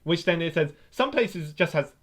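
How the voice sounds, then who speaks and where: A man, co-hosting a podcast in casual chat, laughing often and agreeing quickly. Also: on the high side, animated, fairly bright tone. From Britain. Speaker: podcast co-host.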